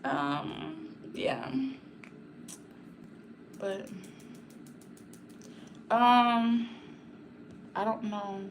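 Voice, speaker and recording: A woman's voice: mid-range voice, lively intonation, extremely slow, pauses often. Woman livestreamer, mid-range voice, rambling and blunt, addresses chat directly; faint background noise. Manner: rambling, talks straight to her viewers; blunt and outspoken.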